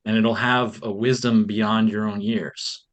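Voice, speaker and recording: A man's voice: lowish voice, flat delivery, measured pace. A man speaking as a podcast guest in a casual interview, earnest and reflective, with frequent "um" and "like". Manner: earnest, reflective, many fillers.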